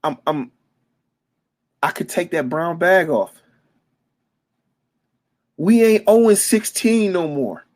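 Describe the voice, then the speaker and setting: Emotional detroit guy, ex football coach, rambling fan talk, keeps repeating himself and tripping over words, gets loud in spurts. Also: high voice, lively intonation, slow, long pauses. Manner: emotional and repetitive, stumbling over words, with sudden loud bursts. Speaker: former youth football coach and sports fan. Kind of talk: emotional unscripted fan monologue.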